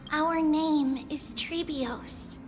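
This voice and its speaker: A gentle, solemn priestess who looks like a child, with a very high, piping voice. She speaks formally and pleads earnestly in a game cutscene, with soft game music behind her. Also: steady tone, extremely slow.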